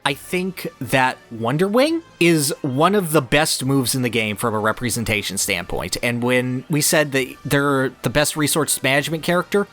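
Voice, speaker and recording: A man's voice: medium pitch, lively intonation, normal speed, few pauses, a bit bright, faint music behind. A man in a casual game discussion who lays out his views with passion and analysis. His talk flows in long, eager runs of opinion, stacked point upon point. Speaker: podcast co-host.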